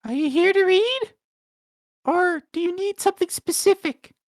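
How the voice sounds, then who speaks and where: Someone voicing a tiny mouse-folk woman librarian in a tabletop game, flustered and squeaky. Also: moderate pace, dry recording, clean studio sound. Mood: helpful. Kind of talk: tabletop role-play character voice.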